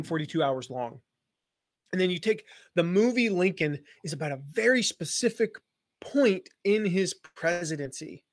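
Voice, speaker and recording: High-voiced man teaching a live lesson. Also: fairly bright tone, dry recording, clean studio sound. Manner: conversational, emphatic, acts out quoted voices. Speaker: marketing coach.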